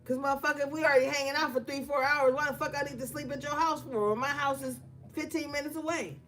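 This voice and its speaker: A woman's voice: high-pitched, steady tone, quick pace, fairly bright tone, faint music behind. A woman doing a casual tarot reading, blunt and profane, telling stories between the cards she draws. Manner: blunt, profane, conversational with slang. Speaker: tarot reader.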